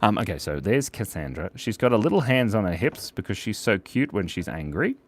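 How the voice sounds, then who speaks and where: A man's voice: on the low side, very animated, brisk. A man hosting a live drawing stream in a playful, chatty, jokey way. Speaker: host and illustrator.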